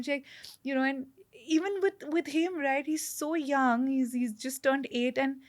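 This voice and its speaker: Chatty woman, slightly high voice. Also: normal speed, vocal fry. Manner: chatty, animated, many fillers and restarts. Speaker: podcast guest, lawyer. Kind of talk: casual conversation.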